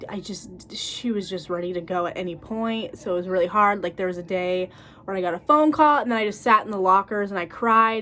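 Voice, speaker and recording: A blunt woman in her twenties, telling stories in a casual, lively vlog. Her voice sits at a middle pitch and she laughs easily between points. A faint background hum runs under her talk. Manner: blunt, animated, laughs often. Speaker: cosmetologist sharing school experiences.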